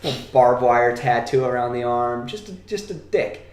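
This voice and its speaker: A young man telling a rowdy party story on a podcast, profane and animated, acting out the quotes. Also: medium pitch, normal speed. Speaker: podcast co-host. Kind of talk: casual storytelling chat. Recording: echoey room.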